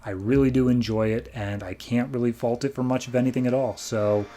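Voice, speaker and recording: A man hosting a comic book podcast, casually recapping and reviewing an issue with animated quoted lines. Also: mid-range voice. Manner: animated retelling with quick quoted voices.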